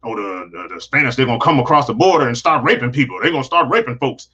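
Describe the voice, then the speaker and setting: A man's voice: mid-range voice, expressive, fast, few pauses, bright, forceful tone, husky, muffled recording. A man hosting his own channel, talking earnestly in a casual livestream, rambling and restarting his sentences often. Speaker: channel host.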